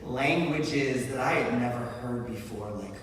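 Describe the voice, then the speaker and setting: A man telling a true story on a live stage in an animated, breathless way, often laughing at himself. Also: medium pitch, measured pace, far from the mic, a little hiss or hum. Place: large live venue. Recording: echoey hall, heard from afar.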